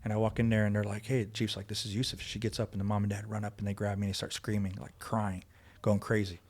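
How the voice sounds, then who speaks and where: Fast-talking man telling a hard story. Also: on the low side, flat delivery, darkish tone. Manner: fast, emphatic retelling, acting out quoted voices. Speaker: guest, former police officer. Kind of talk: conversational storytelling. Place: podcast studio.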